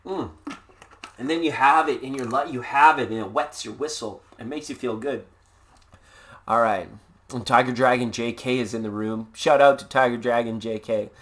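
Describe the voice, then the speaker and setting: Male live-stream tarot reader, mid-pitched voice, easygoing, punning, rambles cheerfully. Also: normal speed, a bit bright. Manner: playful, jokey, rambling with puns; laid-back and upbeat. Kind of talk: casual live tarot reading.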